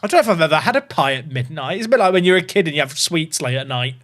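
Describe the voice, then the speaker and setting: Animated thirty-something man streaming. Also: fairly high pitch, racing. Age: 30s. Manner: animated, swings between chatty and mock panic. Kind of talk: live-stream gaming chat.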